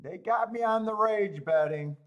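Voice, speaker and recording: A man's voice: high voice, unhurried, lo-fi sound. A man hosting a live horse racing handicapping stream, talking to himself and swearing in frustration over his bets.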